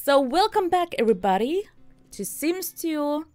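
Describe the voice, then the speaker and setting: A woman's voice: high-pitched, big pitch swings, a little slow, a little mellow, soft background music. A woman streamer giving chatty, upbeat commentary while playing a game, chuckling often. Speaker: let's play streamer. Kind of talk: casual gameplay commentary.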